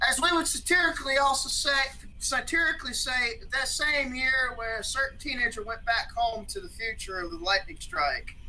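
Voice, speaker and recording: A man guest on a podcast, talking in a rambling, profane, excitable way. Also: very high voice, normal speed, few pauses, slight background noise, poor audio. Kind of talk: casual podcast discussion.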